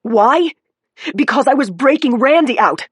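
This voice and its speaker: A woman's voice: medium pitch, lively intonation, a little slow, slightly rough, dry recording, clean studio sound. A woman voicing a badly injured young policewoman who screams, cries and curses. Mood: frantic. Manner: screaming, crying, cursing. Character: young woman cop, injured, frantic and defiant.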